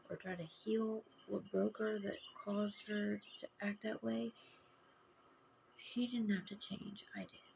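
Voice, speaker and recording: A middle-aged woman telling a personal story in a vlog, raw and emotional, halting and often hushed. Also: mid-range voice, creaky, lo-fi sound, a little hiss or hum. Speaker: vlogger.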